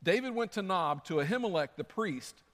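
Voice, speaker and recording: A male pastor with a notably high voice preaches in a big hall with long reverb. He tells his stories animatedly, slipping into acted-out quotes. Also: lively intonation, normal speed, fairly bright tone. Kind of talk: sermon.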